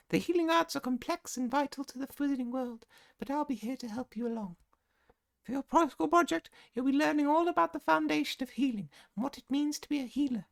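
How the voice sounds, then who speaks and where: A man's voice: very high-pitched, creaky, pitched above the performer's own voice. A man voicing a cheery, motherly older female healer in a video game, in a fond, gushing sing-song.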